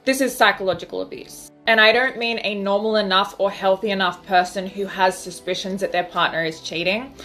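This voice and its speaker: A woman's voice: mid-range voice, steady tone, fairly quick, a bit bright. Blunt woman explaining over music. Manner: blunt, emphatic, listing points. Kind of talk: talking-head explainer.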